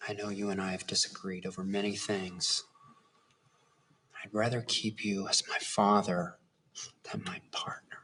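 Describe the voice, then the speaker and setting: An actor playing an earnest young adult son who speaks quietly and with restraint to his father in a film scene. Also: deep voice, little pitch movement, measured pace, long pauses, slight background noise. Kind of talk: dramatic film acting.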